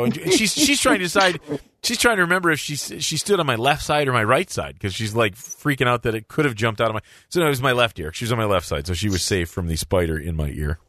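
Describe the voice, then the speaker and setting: Animated man telling a wild story. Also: mid-range voice, fast, dry recording, studio quality. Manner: animated, laughing, many restarts. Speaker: podcast host telling a story. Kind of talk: casual storytelling chat.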